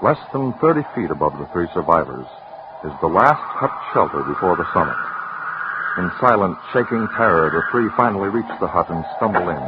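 A man's voice: low voice, animated, heavy background noise. Dramatic man narrating an old radio drama. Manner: dramatic, measured, builds suspense. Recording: dull old radio recording with music.

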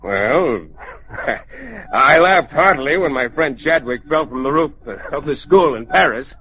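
A man's voice: fairly high pitch, expressive, unhurried, breathy edge. An actor playing a vain, eccentric male painter with a grand, theatrical, mocking manner, in 1940s radio sitcom style. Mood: gleeful. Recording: dull lo-fi old radio recording.

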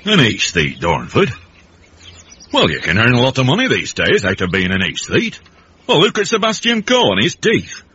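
A gruff deadpan old northern uncle, husky voice that goes up and down, old radio sound. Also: male voice, medium pitch, moderate pace, full character voice. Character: dry, blunt older Northern uncle. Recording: dull old radio broadcast.

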